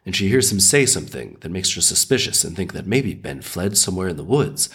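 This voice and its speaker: Husky, sardonic man retelling a fairy tale. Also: low-pitched, fairly quick. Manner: sardonic, animated, profane. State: recovering from illness. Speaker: podcast host.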